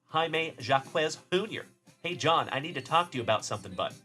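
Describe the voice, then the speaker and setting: Slightly high in pitch, animated and fairly quick, this man hosts a live card-opening stream from Texas with soft background music. He keeps things upbeat and casual, cheerfully shouting out viewers in the chat by name.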